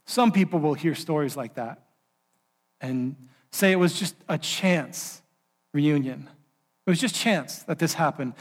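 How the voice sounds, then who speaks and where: A man with a fairly high voice delivers a sermon as a story. He tells it with animation and gives the people in it their own lines. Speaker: preacher.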